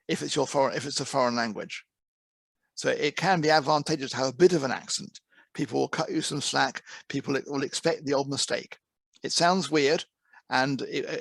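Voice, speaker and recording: A man's voice: fairly high pitch, creaky, no room sound. A man who heads an interpreting course, giving a discursive online presentation to a practice group, often restarting and repeating words. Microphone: video call.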